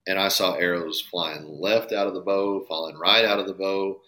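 A man's voice: low voice, steady tone, normal speed, pushed and bright. A man talking earnestly and emphatically on a casual podcast, swearing now and then. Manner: earnest, emphatic, profane at times. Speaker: podcast guest, bowhunter.

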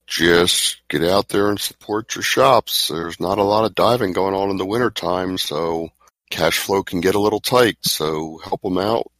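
Male co-host, very low voice, wry deadpan delivery, dry mic. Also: no room sound. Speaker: podcast co-host. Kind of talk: casual podcast chat.

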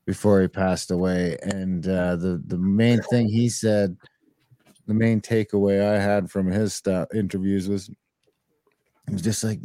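A man with a very low voice chats on a podcast, swearing freely and rambling through his point. The sound is close and dry, with no room around it. His talk is loose and relaxed. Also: moderate pace, dry recording. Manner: profane, rambling, relaxed storytelling. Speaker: podcast co-host. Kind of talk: casual chat.

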